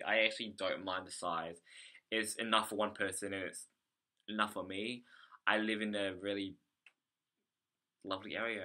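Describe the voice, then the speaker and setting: A man speaking casually in a video diary, relaxed and rambling, with fillers and restarts. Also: lowish voice, normal speed. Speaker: vlogger. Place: small apartment.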